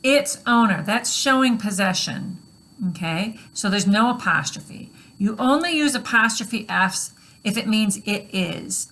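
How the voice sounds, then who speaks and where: A woman teaching a recorded grammar lesson in a steady, explanatory way, with frequent fillers. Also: medium pitch, unhurried.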